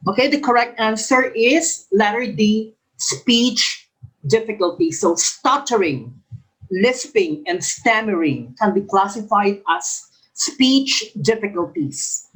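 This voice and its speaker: Slow-talking male professor with a lisp. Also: high-pitched, poor audio. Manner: reads each question twice, then explains slowly. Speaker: English professor and exam coach. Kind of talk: exam review lecture.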